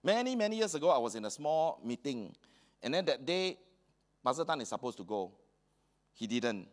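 A man's voice: medium pitch, sing-song, moderate pace. A man with a Singaporean English accent preaching a sermon in a church hall, slipping colloquial local phrases into his talk. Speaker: pastor.

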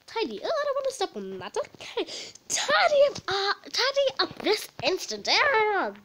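A woman's voice: extremely high pitch, huge pitch swings, a bit bright, pitched above the performer's own voice, exaggerated voice, poor audio. A woman putting on a haughty posh pupil. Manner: haughty, drawn-out and disdainful. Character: posh, fussy, spoiled new pupil.

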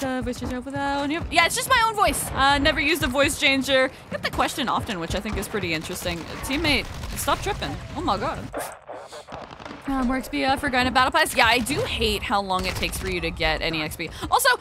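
Woman streamer, young, bouncy pitch, chatty and sweary, noisy mic. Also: big pitch swings, fast talker. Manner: chatty, swears, greets chat by name. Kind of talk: casual gaming stream chat.

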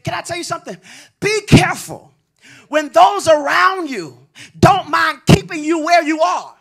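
A male pastor with a very high, gravelly voice and lively intonation preaches a sermon at normal speed. He builds into shouts and sing-song cadences, trading call-and-response lines with the congregation.

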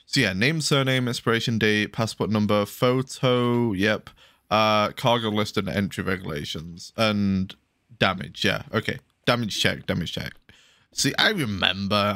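A man's voice: lowish voice, a bit bright, no room sound, clean studio sound. A man giving casual, rambling game commentary, mocking himself and swearing freely. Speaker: gaming channel host.

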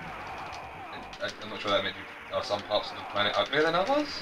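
A man's voice: lowish voice, wildly swooping pitch, fairly quick, noisy background. A man with an English accent co-hosting a casual let's-play, playful and self-mocking. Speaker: gaming channel co-host. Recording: loud game music behind.

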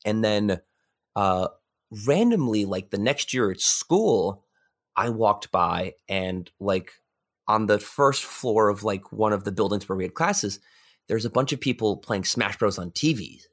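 A man's voice: lowish voice, lively intonation, unhurried. A young man from New York telling a story in casual podcast chat, rambling with lots of fillers and restarts. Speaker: podcast guest.

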